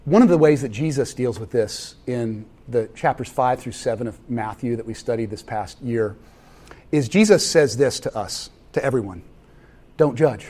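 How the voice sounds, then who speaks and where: A man in his thirties preaching a sermon, animated and storytelling, acting out scenes from home. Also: mid-range voice, moderate pace. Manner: animated, acts out family scenes with voices. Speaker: pastor.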